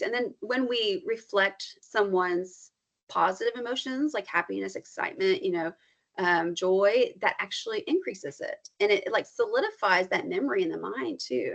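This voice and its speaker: Animated woman counselor, lo-fi sound. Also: vocal fry. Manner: animated, acts out quoted feelings with big pitch jumps. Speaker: counselor guest. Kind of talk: casual podcast conversation. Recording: slightly dull lo-fi sound.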